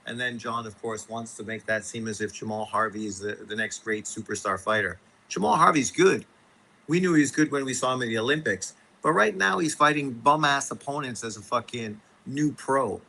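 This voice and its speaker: Male live-stream host, mid-pitched, forceful bright voice, swearing his way through a casual rant. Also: normal speed, gravelly, slight background noise, low-quality recording. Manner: profane, exasperated ranting. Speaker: boxing show host.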